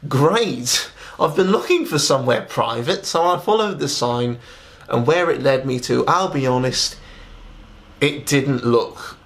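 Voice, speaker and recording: Halting man, mock-serious. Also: on the high side, fairly bright tone. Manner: halting, stammering, many restarts. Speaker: comedian telling a story to camera. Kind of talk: mock-serious comic monologue.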